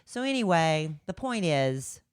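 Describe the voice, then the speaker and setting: Lady podcast cohost, lowish voice, rambles and gets defensive. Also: very animated, a little slow, smooth. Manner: chatty, defensive, rambling storyteller. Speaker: podcast co-host. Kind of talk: casual chat.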